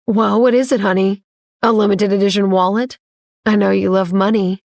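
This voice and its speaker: A woman's voice: mid-range voice, brisk, darkish tone, breathy edge, no room sound, clean studio sound, lightly acted. A woman voicing a smug rich young man with a sugary, mocking tone.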